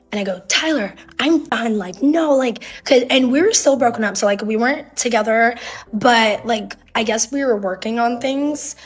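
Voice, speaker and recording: A young woman telling a personal story in a casual, rambling way, dropping "like" constantly as she relives the drama. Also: on the high side. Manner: rambling, heavy use of "like", emotional retelling.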